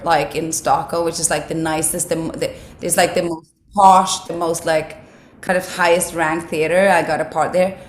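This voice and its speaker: A woman with a raspy, husky, slightly broken voice, speaking English as a second language in a casual interview, reflective and full of "like" fillers. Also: lowish voice, slight background noise. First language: not English. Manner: reflective, many "like" fillers, restarts. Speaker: actress, interview guest. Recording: roomy sound with faint background ambience.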